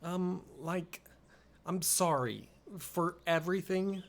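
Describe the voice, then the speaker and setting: A man's voice: high-pitched, slow, creaky. A man streaming a game in casual, rambling, self-correcting commentary with a goofy tone. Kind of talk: casual let's-play commentary.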